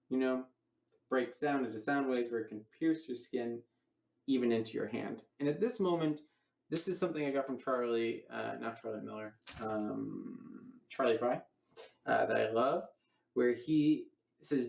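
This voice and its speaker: A man's voice: medium pitch, normal speed, gravelly, a little mellow, roomy sound, rough recording. A man teaching a coin magic routine in a casual online lecture, explaining each step and acting out his patter. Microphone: online voice call.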